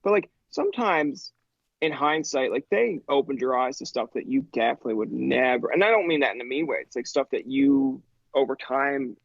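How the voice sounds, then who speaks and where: Chatty man in his thirties, lively storyteller. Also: mid-range voice, fairly quick, creaky, no echo, dull audio. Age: 30s. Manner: animated storyteller, acts out quotes, says "like" a lot. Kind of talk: casual podcast chat.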